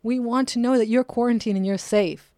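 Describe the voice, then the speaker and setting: A woman hosting her own podcast in a casual solo monologue, her voice swinging up and down with jokey asides and soft whispered moments. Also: on the high side, fairly even intonation, a little fast, no echo, studio quality. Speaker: podcast host. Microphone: close podcast microphone.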